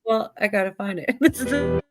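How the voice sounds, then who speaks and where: A woman's voice: mid-range voice, brisk, loud music behind the voice. A middle-aged woman hosting a livestream, telling a corny joke in a rambling, giggly way. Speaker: livestream host. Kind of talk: casual chat, telling a joke.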